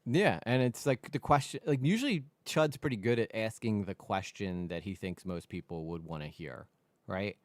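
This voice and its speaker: A man's voice: fairly low pitch, moderate pace, no room sound. Man rambling through casual commentary. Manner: rambling, restarts, animated spikes. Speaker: host.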